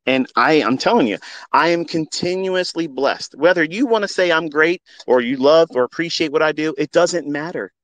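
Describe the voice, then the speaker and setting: A man's voice: a little high, animated, moderate pace, dry recording. A middle-aged man talking into a phone as a trading mentor, in a passionate, preachy monologue with blunt swearing. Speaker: trading mentor hosting a live audio space. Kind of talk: unscripted heartfelt monologue.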